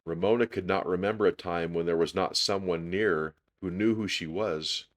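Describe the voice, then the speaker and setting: A man reading a children's chapter book aloud, expressive and measured. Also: low-pitched. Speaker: storyteller.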